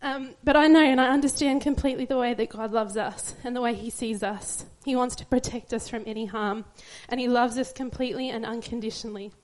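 A young woman speaks at church about becoming a mother. Her voice sits a bit high and wavers with tears. She keeps laughing softly through the crying. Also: steady tone, fairly quick, hardly any pauses. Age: young adult. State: tearful. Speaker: young mother giving a testimony. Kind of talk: church testimony.

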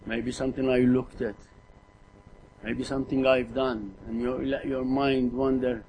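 A man's voice: mid-range voice, little pitch movement, a little slow, a little mellow, a little hiss or hum, poor audio. Earnest middle-aged male preacher. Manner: earnest, repeats words, asks the congregation rhetorical questions. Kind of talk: sermon.

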